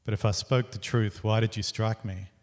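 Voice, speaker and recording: A man voicing a calm, firm male teacher in his own plain reading voice during a scripture reading. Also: on the low side, normal speed, long reverb tail, natural voice.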